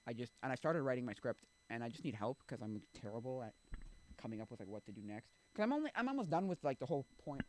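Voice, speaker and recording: A man's voice: medium pitch, darkish tone. A man streaming, chatting casually and rambling with lots of fillers while he thinks aloud. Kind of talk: casual chat.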